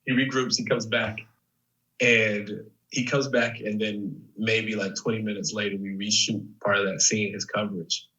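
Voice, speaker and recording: A man in his thirties from Chicago, an actor telling stories as a guest in a casual interview, animated and full of "like" and "man". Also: fairly low pitch, normal speed, distant mic, highs cut off. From Chicago, USA. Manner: animated storyteller, many fillers like "like" and "man".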